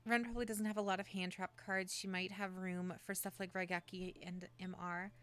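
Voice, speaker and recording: A woman's voice: medium pitch, little pitch movement, brisk, fairly bright tone. A woman streamer in casual livestream chat, coaching a friend through building a deck, with many fillers and restarts.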